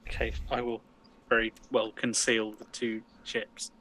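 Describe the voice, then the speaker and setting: A man's voice: fairly low pitch, level tone, measured pace, pushed and bright, low-quality recording. A man taking part as a player in a tabletop game, laid-back and chatty.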